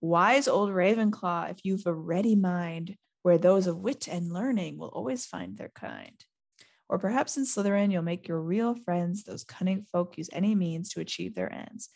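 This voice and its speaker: A woman voicing a wise, teasing old talking hat while reading a novel aloud, in a soft, musing manner. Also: fairly low pitch, normal speed, vocal fry. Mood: sing-song.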